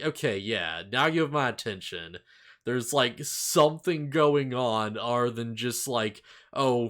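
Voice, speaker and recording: A man with a mid-range, fairly bright voice co-hosts an anime review podcast, chatting and rambling with many fillers and cheerful asides. He's recorded with a face cam and desk mic.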